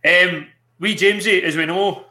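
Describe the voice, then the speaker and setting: A chatty man hosting a podcast in a loose, sweary way. His voice is bright and forceful and sits a little high. The room around him sounds roomy and echoey. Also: steady tone, moderate pace. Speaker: podcast host. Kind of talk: casual chat.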